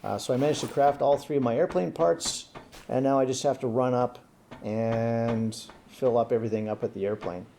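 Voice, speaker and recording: A young man giving relaxed, casual commentary over his own gameplay, thinking aloud as he plays. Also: medium pitch, normal speed, gravelly, slight background noise. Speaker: gaming commentator.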